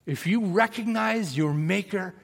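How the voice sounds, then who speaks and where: Pastor, male, somewhat high, husky and gravelly voice, long hall reverb, casual preaching that questions the room. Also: a little slow. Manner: conversational, animated, asks the congregation questions. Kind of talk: sermon.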